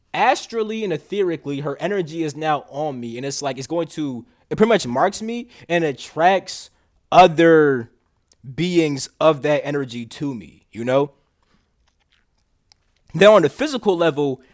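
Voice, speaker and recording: A young man hosting a podcast, telling a story in a slangy, rambling, casual way with many restarts and curses. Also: a little high. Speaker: podcast host.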